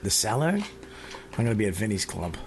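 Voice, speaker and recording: A man's voice: lowish voice, animated, a little fast, slight background noise. A man hosting a podcast, rambling and swearing freely as he chats with friends, laughing often. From Boston area. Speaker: podcast host. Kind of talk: casual podcast banter.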